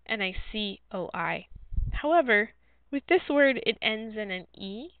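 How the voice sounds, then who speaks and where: A woman teacher explains a phonics sort in slow, clear, patient steps. Her voice comes through narrow and phone-like, with a dry, close sound and no room around it. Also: mid-range voice, animated, no echo. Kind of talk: phonics word sort lesson.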